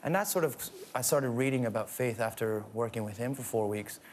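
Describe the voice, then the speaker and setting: A man from Canada, a guest actor and singer, telling animated stories in a casual talk show interview and laughing often. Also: mid-range voice, a little fast, a little hiss or hum.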